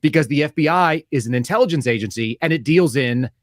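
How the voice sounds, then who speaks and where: A man's voice: fairly high pitch, no echo, studio quality. A man who is a former FBI agent, a guest on an interview show, telling stories and explaining in a chatty way. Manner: fast, chatty, tells anecdotes with voiced quotes. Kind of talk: interview storytelling.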